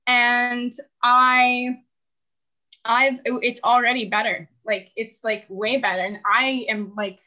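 A woman's voice: fairly high pitch, flat delivery, takes it slowly, pushed and bright, dull audio. A young woman in her twenties telling her story as a caller in casual, rambling talk, full of "like" fillers and frequent laughs. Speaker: caller seeking relationship advice. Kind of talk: casual confessional chat.

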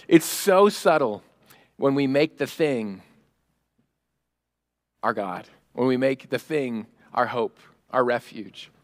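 Guy pastor preaching, really animated, acts out prayers, dry close mic. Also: takes it slowly, long pauses, no echo. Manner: animated, acts out prayers and voices in a raised pitch, laughs often. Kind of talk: sermon.

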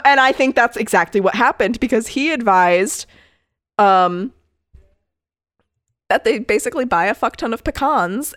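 A woman's voice: medium pitch, a bit bright, dry recording. Woman podcaster rambling through a case story, casual and swears a lot, dry close sound. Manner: chatty, loose and swearing, with frequent asides. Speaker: podcast co-host telling a case. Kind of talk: casual chat.

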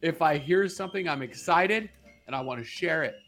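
A middle-aged man co-hosts a morning show in casual comic chat, rambling and laughing his way through stories. His voice sits a little high for a man, and he puts on quick voices for other people. Soft music plays faintly behind him. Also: lively intonation. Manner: rambling storyteller, laughs often, acts out voices.

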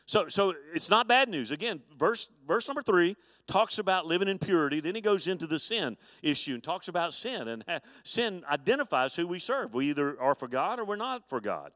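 A man's voice: high voice, very animated, a little fast, hardly any pauses, a bit bright, no echo, clean studio sound, in a large hall. A man preaching a live sermon as pastor, folksy, with stammered restarts and chuckles. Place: church sanctuary.

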